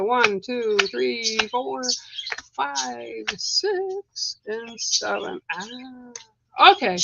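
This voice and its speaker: A woman's voice: medium pitch, creaky, muffled recording, very noisy. A middle-aged woman giving spiritual card readings on a casual live stream, chatty and rambling with lots of fillers and restarts.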